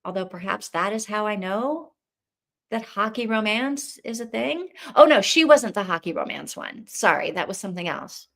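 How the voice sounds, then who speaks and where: A woman's voice: mid-range voice, animated, normal speed, creaky. A woman hosting a live reading stream, chatting casually and thinking aloud, rambling with restarts. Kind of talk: casual livestream chat.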